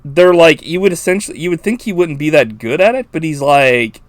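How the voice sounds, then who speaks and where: A man co-hosting a podcast in casual chat, animated, swearing freely and laughing often. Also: on the high side, fairly quick, no echo. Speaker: podcast co-host. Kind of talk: casual chat about a film.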